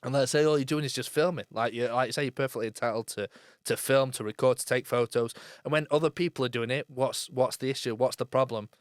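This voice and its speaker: A man co-hosting a podcast in casual chat, agreeing and chiming in with quick yeahs. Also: medium pitch, no room sound, studio quality. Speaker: podcast co-host.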